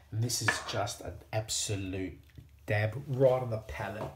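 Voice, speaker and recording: A man's voice: fairly low pitch, a little slow. Aussie bloke mumbling along as he works on a watch, echoey room, bit of hum behind. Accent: Australian. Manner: chatty, self-deprecating, talks to himself. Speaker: hobbyist watchmaker. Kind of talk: casual running commentary while working.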